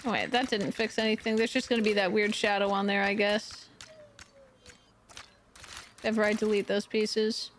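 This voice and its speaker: A woman's voice: mid-range voice, fairly even intonation, normal speed, pauses often, slight background noise. A woman streaming, chatting casually, often laughing and talking fondly to her dog. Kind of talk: casual live-stream chat.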